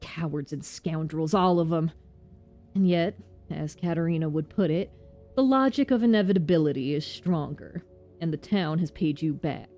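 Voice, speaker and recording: A woman voicing a stern older male town governor with a Southern US accent and a gruff, sardonic way of talking. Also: low-pitched, normal speed, mellow, faint music behind, close to an everyday voice. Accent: Southern US (put on).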